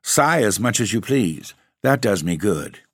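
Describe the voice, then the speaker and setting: A man's voice: lowish voice, sing-song, unhurried, a bit bright, dry recording, heavily acted. A man voicing a grim, petulant ghost. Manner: petulant, dry and pushy. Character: gloomy, grim male ghost of suicide with a stake through him.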